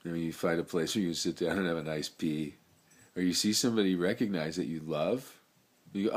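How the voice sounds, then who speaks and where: A man's voice: low voice, brisk. A middle-aged man with a brain tumor, rambling through his thoughts in a free-associating personal monologue, full of laid-back slang. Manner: rambling, free-associating, swings between loud and soft.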